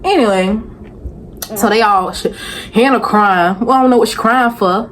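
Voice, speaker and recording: A woman's voice: on the high side, normal speed, slight background noise. A young woman, recapping a reality show in a sassy, rambling, exasperated vlog to camera. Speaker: vlogger reviewing a reality show. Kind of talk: casual chatty recap.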